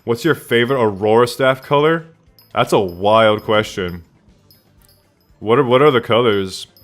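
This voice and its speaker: Streaming a game live from his room at home, a man with a mid-range voice rambles casually at a measured pace and answers chat questions out loud. Soft music plays in the background.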